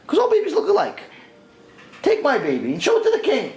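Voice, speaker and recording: A man doing a high, eager Roman noblewoman. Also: wildly swooping pitch, a little fast, a little mellow, exaggerated voice. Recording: echoey room.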